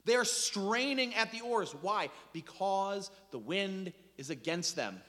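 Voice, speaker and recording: A man preaching a sermon in an animated storytelling manner, with dramatic swings in pitch and loudness. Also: measured pace, in a large hall. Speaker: pastor.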